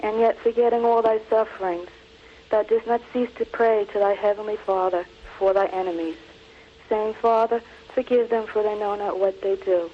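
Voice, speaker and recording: A woman calls in and recites an old-fashioned prayer in an earnest, measured way. Her voice comes through a muffled phone line with a faint hiss behind it. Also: mid-range voice, fairly even intonation. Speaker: caller.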